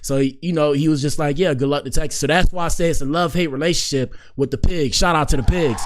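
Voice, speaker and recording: A soft-spoken man in his twenties, a podcast host telling a story in a slangy, rambling way and repeating phrases for effect. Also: fairly high pitch, a little fast, few pauses, background noise. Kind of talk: casual storytelling.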